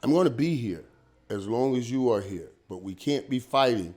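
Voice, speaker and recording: This interview guest, a middle-aged man who once played pro football, tells his stories casually and with energy, repeating himself and sprinkling in "man" and "dog." He speaks at a medium pitch and a moderate pace.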